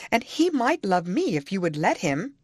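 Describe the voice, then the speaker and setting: A woman's voice: mid-range voice, very animated, moderate pace, husky, no echo, clean studio sound, pitched above the performer's own voice. A woman reading an audiobook, voicing a jealous young woman in love who pleads, sobs and grows indignant. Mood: pleading.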